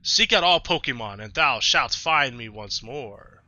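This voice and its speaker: A man reading as an ancient godlike creature from a video game, solemn and unhurried, speaking in old-fashioned archaic phrasing. The voice is bright and tense, and the recording is dry and a little dull. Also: medium pitch, animated, no room sound. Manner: slow, grave reading of archaic lines. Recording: slightly dull lo-fi mic.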